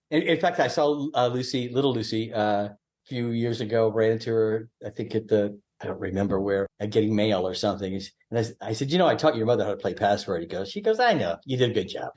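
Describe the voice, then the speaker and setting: An older man from the American South, a guest in a podcast interview, telling animated showbiz stories and laughing often. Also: medium pitch. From Southern US (Mississippi, born in Louisiana). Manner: laughs often, excitable, lively anecdotes. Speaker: guest, actor.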